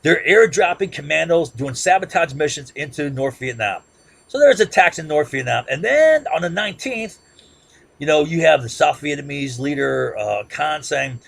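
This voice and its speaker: Man, fairly high voice, gravelly, emphatic rambling lecture, keeps asking "right?". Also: lively intonation, moderate pace, a bit bright. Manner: rambling with frequent restarts and filler. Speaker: political commentator. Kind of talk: impassioned informal history lecture.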